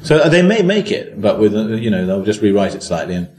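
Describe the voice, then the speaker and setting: A man's voice: lowish voice, big pitch swings, fast, a little mellow, echoey room, faint music behind. An older man from Britain, an actor being interviewed, speaking in a hesitant, self-deprecating way with many restarts. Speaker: actor guest. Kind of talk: relaxed interview chat.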